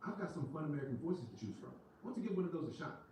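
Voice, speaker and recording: A man's voice: on the high side, lively intonation, rapid-fire, recorded from a distance, noisy background. A male text-to-speech assistant voice giving polite, upbeat replies. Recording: echoey smart speaker heard from across the room.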